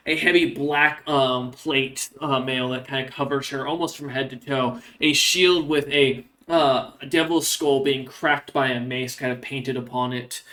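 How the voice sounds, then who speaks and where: A young man describing a tabletop scene as game master, mid-pitched and easy. He halts often, padding his lines with fillers and restarts. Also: sharp tone, poor audio. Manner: halting, many fillers and hedges.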